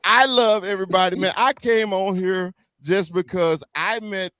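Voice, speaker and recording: A man's voice: high-pitched, fairly even intonation, pushed and bright. A man from the American South with a Southern accent, a guest on a fan stream, trash-talking in brash, profane casual chat and then speaking respectfully. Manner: brash, profane, quick to apologize. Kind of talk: casual sports trash talk.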